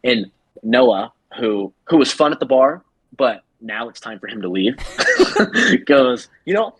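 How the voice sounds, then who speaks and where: A man's voice: mid-range voice, lively intonation, slow, slightly rough, no room sound. A man co-hosting a podcast, telling a story casually and animatedly with plenty of laughter. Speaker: podcast co-host.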